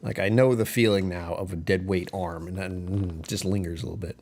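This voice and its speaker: A man's voice: sits low, steady tone, fairly quick, a little mellow. A man hosting a casual livestream, talking in a rambling, self-deprecating way and laughing often. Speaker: whiskey channel host.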